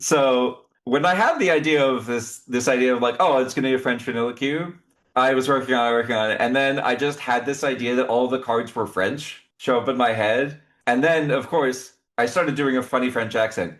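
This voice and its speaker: A young man chatting casually as a podcast guest, opinionated and quick to laugh. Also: medium pitch, a bit bright. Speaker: podcast guest, cube designer. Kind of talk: casual chat.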